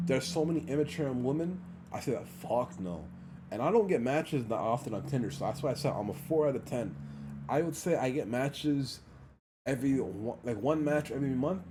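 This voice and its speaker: A man's voice: mid-range voice, warm tone, slight background noise. A man livestreaming a heated, blunt monologue, swearing often and repeating phrases for emphasis. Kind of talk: casual ranting monologue.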